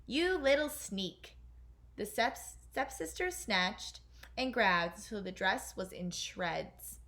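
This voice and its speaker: A woman teacher reading a children's storybook aloud, slowing down and softening at the sad parts. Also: medium pitch, expressive.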